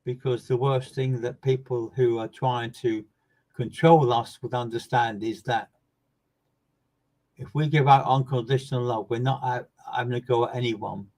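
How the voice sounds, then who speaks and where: A man, a medium giving live readings and speaking to viewers by name. He is earnest and emphatic, repeats words for stress, and swings from loud bursts down to soft low asides. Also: fairly even intonation, moderate pace, low-quality recording.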